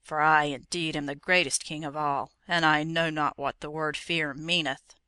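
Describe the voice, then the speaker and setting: A narrator voicing a proud evil spirit king with a deep, thundering voice, in a storybook reading. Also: level tone, moderate pace, sharp tone, dry recording, lightly acted.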